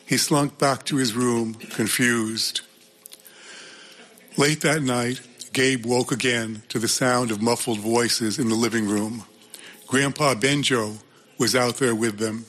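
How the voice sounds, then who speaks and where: A man narrating a story in a measured, plain storytelling manner. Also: medium pitch, fairly bright tone. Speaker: audiobook narrator.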